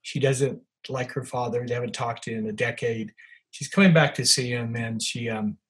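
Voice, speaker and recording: Husky guy author spinning a story, laid-back and a bit dry-humored. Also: medium pitch, fairly even intonation, normal speed. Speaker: author guest. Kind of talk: storytelling in an interview.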